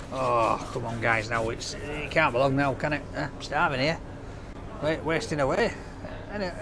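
A man chats to camera outside a takeaway, cracking jokes at his cameraman. His voice sits high for a man. Faint street noise hums behind him. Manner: jokey, banters with his cameraman. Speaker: takeaway food reviewer. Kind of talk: casual vlog chat to camera.

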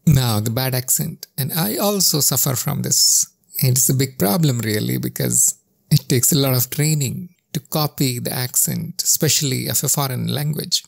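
A man talks through a spiritual lesson in a calm, instructive way. His voice is strongly gravelly and fried, and it sits mid-range in pitch. The recording is dry and close, with no room sound. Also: dry recording. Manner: calm, measured, instructive, with deliberate pauses. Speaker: spiritual teacher. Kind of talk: spoken spiritual teaching monologue.

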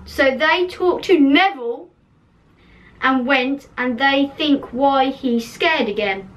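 Reading from an old dream book, a channel host speaks unhurriedly in a high, fairly bright voice, chatting casually. She laughs at herself often, especially at her own spelling. She sits slightly away from the microphone, so she sounds far off.

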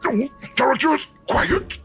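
An exasperated, scolding narrator. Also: male voice, mid-range voice, big pitch swings, normal speed, a bit bright. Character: exasperated male game narrator scolding the player. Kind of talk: game voice acting. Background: game music.

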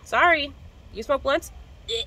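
A woman's voice: high-pitched, very animated, measured pace, sharp tone, rough recording. A young woman vlogger in casual chat to camera, slangy and profane, coughing now and then. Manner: chatty, slangy and profane, coughing between hits.

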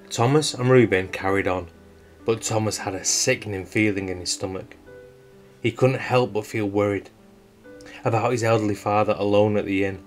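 A man telling a true-crime story as scripted narration, in a measured, suspenseful storytelling manner. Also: on the low side. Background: faint guitar music.

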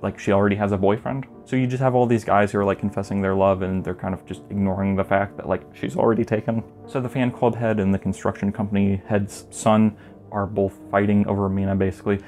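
Low-voiced man joking through a recap. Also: darkish tone. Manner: joking, rambling asides. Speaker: video essayist reviewing a manga. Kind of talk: casual recap commentary.

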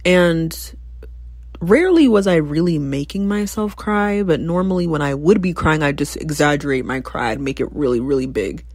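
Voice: medium pitch, animated, normal speed, darkish tone, no echo. Candid podcaster in their twenties, dry sound. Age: 20s. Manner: reflective, reenacts past conversations with sudden exclamations. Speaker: podcast host. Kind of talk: candid personal monologue.

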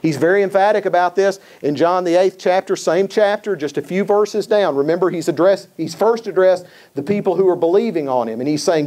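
Emphatic preacher man with a mellow voice. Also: high-pitched, a little fast, hardly any pauses. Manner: emphatic, repeats key phrases, quotes scripture. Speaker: pastor. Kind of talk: sermon.

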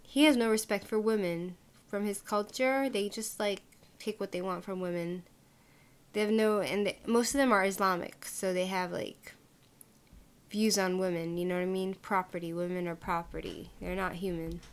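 A woman's voice: medium pitch, steady tone, normal speed. A woman vlogger giving casual reaction commentary, indignant and rambling, with many fillers and restarts.

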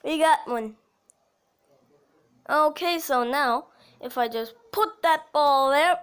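A woman giving casual commentary on her own mobile soccer game, talking to herself and cheering loudly when she scores. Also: sits high, takes it slowly, long pauses. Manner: excitable, talks to herself while playing, cheers at goals.

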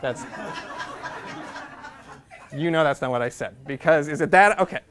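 A man's voice: on the high side, moderate pace, a bit bright, a faint crowd, a little hiss or hum. A man in his thirties giving a humorous, self-deprecating talk as a guest speaker in a university classroom. He is chatty and leans on "like" as a filler. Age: 30s. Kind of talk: humorous personal storytelling talk.

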